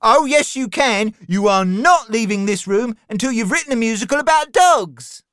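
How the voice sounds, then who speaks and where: A man's voice: very high voice, lively intonation, moderate pace, fairly bright tone, clear, resonant tone, dry recording, clean studio sound, pitched above the performer's own voice. A man reading a storybook and voicing a bold male dog who is cheeky and pushy, with mock politeness. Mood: bossy.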